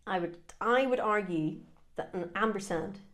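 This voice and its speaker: Irish woman co-host, mid-pitched, cheeky and combative, swears freely in casual banter. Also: moderate pace, fairly bright tone. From Ireland. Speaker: podcast co-host. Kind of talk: casual chat over whiskey tasting.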